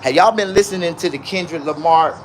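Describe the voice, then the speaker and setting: A man rambling on a livestream about tattoos, his shirt and a rap feud, out of breath, with loud bursts and mumbled asides. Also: on the high side, a little fast, slight background noise. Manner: rambling and animated, swinging between loud outbursts and mumbling. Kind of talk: casual livestream rant.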